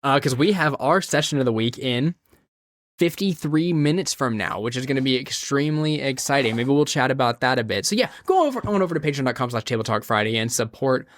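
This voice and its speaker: A man hosting a podcast in casual chat, joking and rambling quickly. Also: medium pitch, animated, fairly bright tone, dry recording. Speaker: podcast host.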